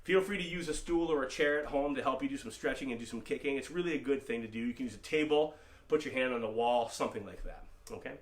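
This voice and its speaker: Middle-aged guy teaching taekwondo online, patient, repeats stuff for you to say back, normal pitch. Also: fast talker. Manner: encouraging, coaching, repeats terms for learners to echo. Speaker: taekwondo instructor. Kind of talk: online class instruction.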